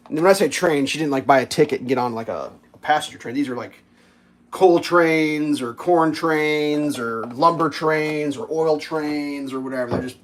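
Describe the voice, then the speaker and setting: A man hosting a livestream, rambling and swearing through a laughing story while he makes breakfast. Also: a little high. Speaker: livestream host. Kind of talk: casual storytelling while cooking.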